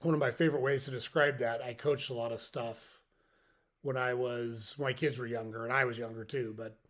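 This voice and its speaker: A man's voice: mid-range voice, fairly even intonation, normal speed, a bit bright. A middle-aged man hosting a podcast, giving a folksy, reflective motivational talk and explaining his points step by step. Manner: folksy, tells jokes as examples. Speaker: podcast host.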